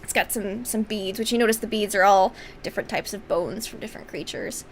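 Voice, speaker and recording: A woman's voice: mid-range voice, a little fast. A woman running a tabletop game as game master, chatting casually with fillers and narrating scenes in an upbeat way. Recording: faint background noise.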